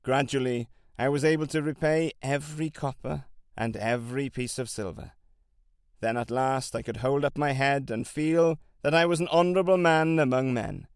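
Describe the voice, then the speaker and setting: A man reading an audiobook, voicing a determined middle-aged camel trader who was once a slave, in a measured, solemn way with old-fashioned phrasing. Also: medium pitch, clean tone, no echo, clean studio sound, natural voice. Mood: resolute.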